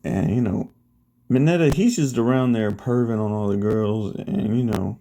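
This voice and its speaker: A man's voice: on the low side, moderate pace, mellow, a little hiss or hum. A man casually recapping a fan-made story in a laid-back, slangy, profane way.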